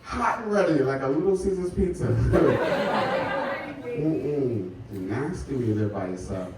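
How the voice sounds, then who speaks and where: A man's voice: medium pitch, lively intonation, takes it slowly, a crowd in the background. Laughing male stand-up comic. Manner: conversational, laughing through jokes. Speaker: stand-up comedian. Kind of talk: stand-up set. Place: live comedy show. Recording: echoey room from far off, loud noise.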